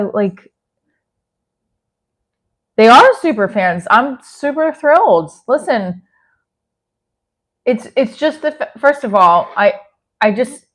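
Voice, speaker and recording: A chatty woman hosts a casual livestream, reading comments aloud and replying off the cuff. Her talk rambles, full of restarts and self-deprecating asides. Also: mid-range voice. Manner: chatty, self-deprecating, answers chat mid-sentence with restarts. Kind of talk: rambling casual live chat.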